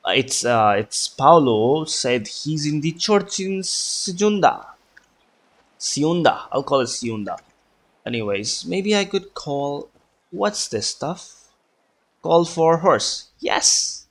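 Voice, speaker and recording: Slow-talking man commenting on gameplay. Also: fairly high pitch, very animated, fairly bright tone. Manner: chatty, mutters to himself, swears often; says he is putting on an accent for fun. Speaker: gaming video creator.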